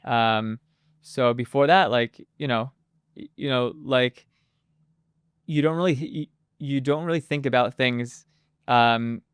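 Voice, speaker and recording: Hesitant man, very clear and dry. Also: medium pitch, slow, dry recording. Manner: hesitant, with many fillers and restarts. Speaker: guest. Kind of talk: casual interview talk. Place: moved to Israel as an adult.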